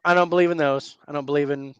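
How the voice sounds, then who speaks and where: Joking middle-aged man, slightly high. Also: steady tone, quick pace, clean tone, no room sound, lo-fi sound. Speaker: podcast co-host. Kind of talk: casual chat over drinks.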